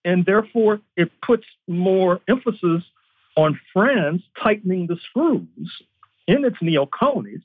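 A man lectures as a guest historian, his voice husky and a little higher than most men's. His pitch rises and falls in a lively way. The sound comes through a tinny phone line. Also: unhurried, no echo. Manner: lecturing, long flowing historical arguments. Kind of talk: political analysis interview.

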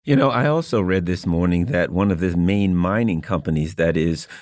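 Very deep-voiced male talk show host. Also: darkish tone, no room sound, clean studio sound. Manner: halting, repeated restarts with fillers. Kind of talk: interview questions.

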